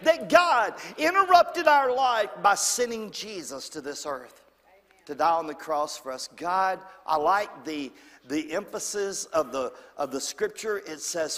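A man preaching a sermon in church, swinging from loud and high to hushed and low. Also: expressive, unhurried, in a large hall. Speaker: pastor.

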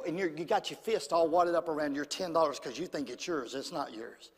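A high-voiced male preacher delivering a sermon, calling for amens in call-and-response and swinging between big and quiet delivery. His voice rolls through a large church with a long reverb tail. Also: fairly quick, few pauses, husky. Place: church sanctuary.

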